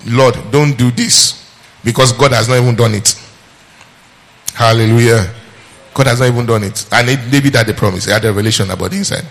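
A male preacher delivering a sermon, reading scripture and quizzing his listeners, repeating phrases for emphasis and slowing down on key verses. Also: medium pitch, fairly even intonation, creaky.

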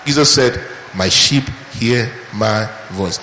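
A man preaching a sermon, asking the audience questions and quoting scripture in a slow, hushed voice. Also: medium pitch, wildly swooping pitch, slight background noise. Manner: rhetorical questions, rising to loud emphatic peaks. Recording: echoey hall with faint ambience.

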